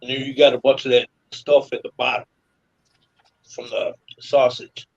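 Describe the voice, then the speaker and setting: Gravelly man rambling through a story. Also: mid-range voice, flat delivery, muffled recording. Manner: rambling, drawn-out storytelling with many restarts. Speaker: podcast co-host. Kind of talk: casual chat.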